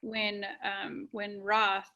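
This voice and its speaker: A woman's voice: medium pitch, monotone, very slow, pushed and bright, dull audio. A woman in her thirties talking about being a parent in a casual podcast conversation. She speaks in a chatty, heartfelt way and says "like" often. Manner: chatty, heartfelt, heavy use of "like". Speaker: podcast guest or host, parent.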